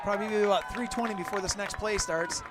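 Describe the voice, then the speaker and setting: High-voiced man calling home-team football. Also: fast talker, loud music behind the voice. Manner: excited, shouts on big plays, openly partisan for the home team. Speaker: play-by-play announcer. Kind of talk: local high school football radio commentary. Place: outdoors at a football field. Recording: crowd and outdoor noise behind. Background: crowd noise from the stands.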